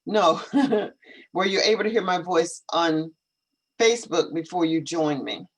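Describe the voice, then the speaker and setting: Live-stream host, English teacher: slow deliberate pace, talks through setup troubles aloud, repeats questions. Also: medium pitch, rough recording. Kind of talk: casual live-stream chat. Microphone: computer video call.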